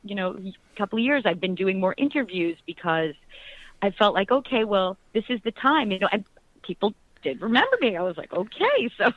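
A woman's voice: mid-range voice, sing-song, a little fast, no room sound. Chatty, enthusiastic woman on a dull line. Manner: enthusiastic, chatty, many fillers. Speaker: actress guest. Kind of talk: casual interview chat.

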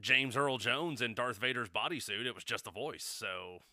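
A man's voice: medium pitch, normal speed, bright, forceful tone, dry recording, studio quality. A man co-hosting a podcast in casual chat, joking and rambling, swearing freely. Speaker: podcast co-host.

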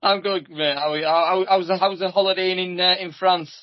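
A man's voice: high-pitched, level tone, moderate pace, dull audio. A man co-hosting a podcast, giving short shy replies with easy laughs in casual chat. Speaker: podcast co-host.

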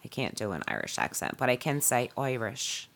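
A middle-aged woman with a notably low voice, chatting casually as a podcast co-host. She is curious and playful, teasing her partner and firing off questions. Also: wildly swooping pitch, quick pace, creaky. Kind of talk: casual chat.

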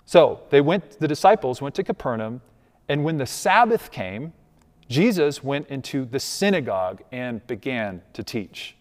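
With a mid-range voice that is very animated but paced in a measured way, a man delivers a sermon from a church sanctuary. He talks to the congregation conversationally, often asking "right?", and the recording rings with a big hall's long reverb.

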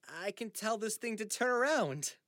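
A man's voice: sits high, very animated, measured pace, fairly bright tone, no echo, clean studio sound, voice pushed up, heavily acted. A male narrator voicing a grieving adult son who is anxious, raw and sarcastic. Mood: pleading, upset.

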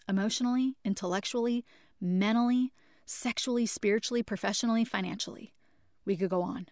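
A woman's voice: medium pitch, no echo, clean studio sound. A woman hosting a spoken lesson, talking emphatically and repeating key points while addressing listeners as friends. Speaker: podcast host teaching about mental health. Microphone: studio microphone.

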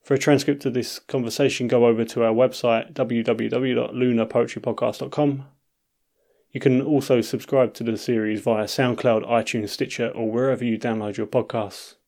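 A man's voice: mid-range voice, steady tone, moderate pace, darkish tone. Man reading a podcast intro. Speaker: podcast host. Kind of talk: scripted show intro.

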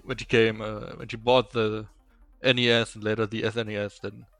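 A young man from Eastern Germany with a strong German accent, a native German speaker, chatting as a podcast guest and telling stories haltingly with many fillers. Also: lowish voice, little pitch movement, fairly bright tone, dry recording, faint music behind. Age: young adult. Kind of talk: casual interview chat.

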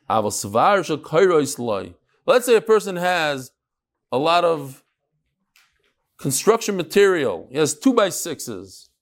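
A man teaching a Talmud class as a rabbi, telling stories in a lively way and talking straight to his students. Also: a little high. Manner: animated, talks straight to the class. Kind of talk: lively lecture with storytelling.

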